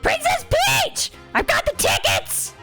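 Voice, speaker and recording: A chipper little male theater companion squeaks along, eager and sing-song, as a woman puts him on. His voice is sky-high and bright, leaping wildly up and down. Faint game music plays behind. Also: wildly swooping pitch, takes it slowly, heavily acted. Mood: excited.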